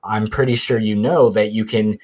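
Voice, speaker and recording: Low-voiced young man telling stories. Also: steady tone, moderate pace, a little mellow. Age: young adult. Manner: rambling storytelling with many fillers. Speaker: YouTuber guest. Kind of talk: casual podcast chat.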